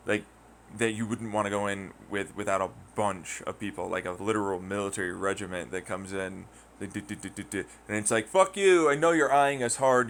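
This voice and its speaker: A podcast host launches into a casual, profane rant, rambling through a story and mocking the people he quotes by acting out their voices. His voice is lowish with a fairly bright tone.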